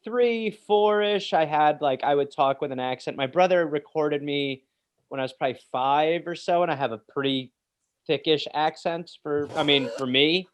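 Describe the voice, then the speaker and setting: A man with a light Wisconsin accent hosts a casual podcast over a video call. His voice sits a little high, and he teases his way through the conversation. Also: normal speed. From Wisconsin, USA. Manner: joking, playful, slips into silly English voices. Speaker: podcast host. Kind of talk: casual chat.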